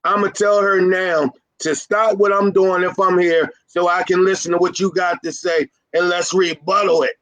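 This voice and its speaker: Speaking at a normal speed with few pauses, a man with a high, slightly bright voice and little pitch movement offers carpet cleaners business advice in an informal motivational talk. He's fired-up and emphatic, repeating key points and teasing his audience, recorded dry and close without room echo.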